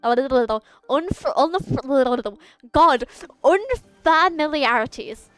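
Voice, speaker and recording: With a high-pitched, clean voice, a young woman streaming a game reads the dialogue aloud between casual chatter. Long words trip her up and she laughs at herself, as faint game music plays in the background.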